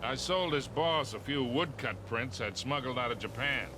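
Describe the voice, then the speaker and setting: An actor playing a seasoned older male smuggler in a game, telling an old story in a dry, unhurried way, heard through game audio. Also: mid-range voice, lively intonation, close to an everyday voice. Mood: wry. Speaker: game character, older treasure hunter. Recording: game audio under gameplay noise.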